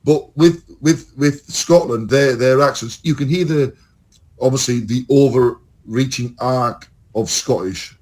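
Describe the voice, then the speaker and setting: A man's voice: medium pitch, measured pace. An English man co-hosting a podcast in casual chat, rambling and swearing as he tells stories. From England. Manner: swearing, rambling, animated storytelling. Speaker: podcast co-host.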